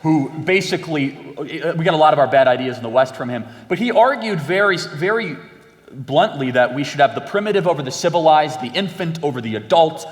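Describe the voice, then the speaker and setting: A man's voice: fairly high pitch, expressive, fairly quick. Emphatic young man in a reverberant room. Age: young adult. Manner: emphatic, acts out quoted exchanges in a raised voice. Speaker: guest. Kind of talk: animated conversation. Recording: long hall reverb.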